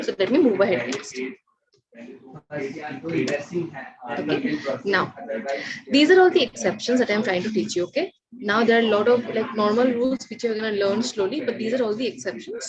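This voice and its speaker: A woman teaching a Spanish class, explaining a rule and often asking the students whether it is clear and urging them to raise their hands. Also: medium pitch, rough recording. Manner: repeatedly checks understanding, coaxing students to raise hands. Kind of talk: online class lecture. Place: classroom or online class session.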